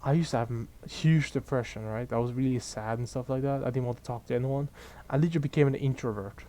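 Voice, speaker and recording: Mellow-voiced young man ranting. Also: mid-range voice, quick pace. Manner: profane, exasperated, animated storytelling. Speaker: vlogger. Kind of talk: casual ranting monologue.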